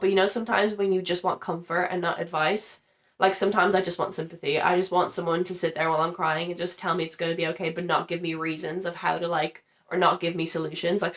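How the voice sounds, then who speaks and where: A young woman in her twenties, sounding ill and under the weather, talking casually and emotionally to camera in a rambling vlog with many fillers. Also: fairly low pitch. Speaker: vlogger. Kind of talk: casual confessional chat to camera.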